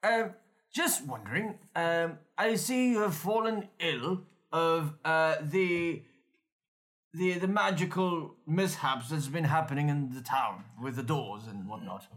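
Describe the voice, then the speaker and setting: A man's voice: fairly high pitch, measured pace, a bit bright. A man playing an overly polite, formal male adventurer who speaks hesitantly and stumbles over his words. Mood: inquiring.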